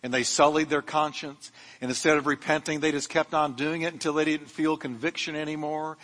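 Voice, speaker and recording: A man's voice: on the high side, fairly even intonation, brisk, fairly bright tone, in a large hall. A male pastor preaching a sermon, fervent and emphatic, with humorous asides to his congregation. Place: church sanctuary.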